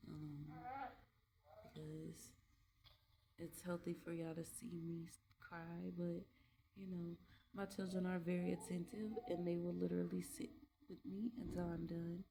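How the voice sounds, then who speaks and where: A mother talking in a casual, reflective vlog, earnest and candid, pausing and restarting as she gathers her thoughts. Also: lowish voice, little pitch movement, vocal fry, warm tone, a little hiss or hum. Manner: earnest, halting, with frequent restarts and trailing pauses; candid and heartfelt. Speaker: mother vlogging about parenting.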